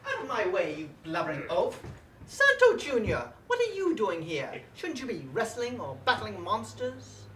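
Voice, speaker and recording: A woman's voice: fairly high pitch, huge pitch swings, moderate pace, a bit bright, slight background noise. A woman voicing a pompous, theatrical villain professor who insults her henchman. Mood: scheming. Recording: echoey room, distant mic.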